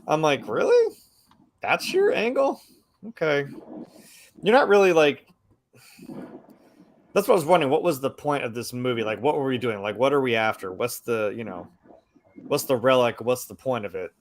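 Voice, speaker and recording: A man chatting casually on a film discussion podcast, animated and profane, acting out quotes in mocking voices. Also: medium pitch, a little fast, pauses often. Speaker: podcast co-host.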